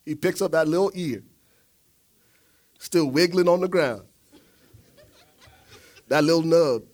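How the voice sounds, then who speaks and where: Dramatic high-voiced male preacher. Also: slow. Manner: dramatic storytelling, swinging from shouts to hushed asides. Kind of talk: sermon.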